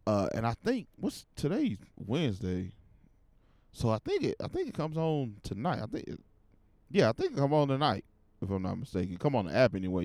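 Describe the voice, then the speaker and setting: A young adult man hosting a podcast alone, talking casually in a slangy, profane way and getting loud and fired up as he rants. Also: a little high, clean tone, no echo, studio quality. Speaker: podcast host. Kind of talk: casual solo podcast rant.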